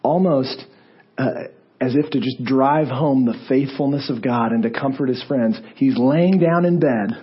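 Hoarse raspy-voiced male pastor preaching. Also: mid-range voice, a little slow, lo-fi sound. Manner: lively storytelling, shifting between hushed and raised voice. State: hoarse, lost voice. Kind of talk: conversational sermon. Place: church sanctuary.

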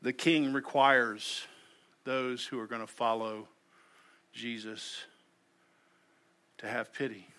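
A man's voice: mid-range voice, steady tone, slow pace, pauses often, sharp tone. A male pastor preaching a sermon in an earnest way, often repeating words as he starts a sentence. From United States.

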